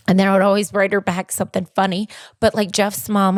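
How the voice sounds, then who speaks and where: A woman's voice: mid-range voice, little pitch movement, quick pace, no echo, studio quality. Rambling, candid woman podcaster. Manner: rambling, candid and self-deprecating; tender, fighting back emotion. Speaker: podcast co-host. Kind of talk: casual personal monologue.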